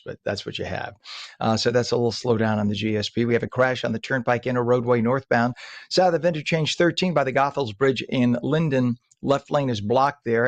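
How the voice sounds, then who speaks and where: Gravelly New radio host. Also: male voice, mid-range voice, no room sound. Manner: jokey, chatty, ad-libbing. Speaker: morning show host. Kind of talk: casual radio traffic report. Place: radio studio. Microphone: studio mic. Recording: dry studio sound.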